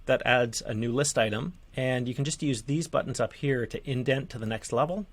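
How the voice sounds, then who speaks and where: A man teaching manuscript formatting in a relaxed, conversational screen-share tutorial, with fillers and restarts. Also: medium pitch, moderate pace.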